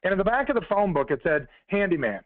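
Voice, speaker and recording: Fast-talking man on a tinny phone line. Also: high voice, big pitch swings, dry recording. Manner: fast, conversational, addressing listeners directly. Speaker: motivational speaker. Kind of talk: motivational storytelling on a conference call.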